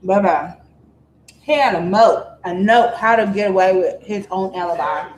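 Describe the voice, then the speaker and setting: A woman vlogger telling a true-crime story in a chatty, digressive way, full of animated asides. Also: mid-range voice, moderate pace, echoey room, slight background noise, rough recording.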